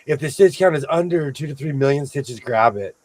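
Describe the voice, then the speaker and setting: A man hosting a sewing show, chatting casually with playful, animated storytelling. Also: mid-range voice, brisk, no room sound. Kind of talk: casual livestream chat.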